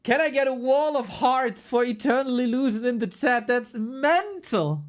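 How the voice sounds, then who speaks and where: A man casting a live esports stream, excitable and exclamatory, swearing freely. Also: very high voice, moderate pace, hardly any pauses. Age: adult, long-time caster. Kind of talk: live stream game commentary.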